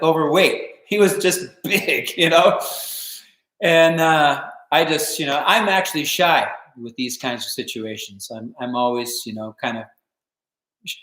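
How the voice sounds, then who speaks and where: An older man hosting a home live stream, telling stories and answering viewer questions in a relaxed, rambling way full of fillers. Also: medium pitch, echoey room, low-quality recording. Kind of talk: casual storytelling and viewer Q&A.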